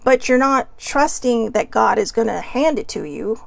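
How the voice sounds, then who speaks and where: A woman's voice: a little high, expressive, normal speed, gravelly, dry recording. A woman host chatting casually to viewers as she reads oracle cards, rambling and upbeat with playful asides. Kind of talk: casual spiritual chat to viewers.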